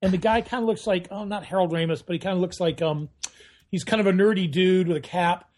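A man chatting as a guest on a podcast, telling rambling, animated stories. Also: sits high, quick pace. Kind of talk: casual podcast chat.

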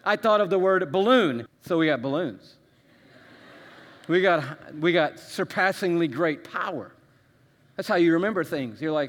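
A man's voice: fairly high pitch, animated, a little slow, fairly bright tone, big-room sound. A man preaching a sermon to a congregation, stacking emphatic phrases and adding playful asides to the crowd. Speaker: pastor. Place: church auditorium.

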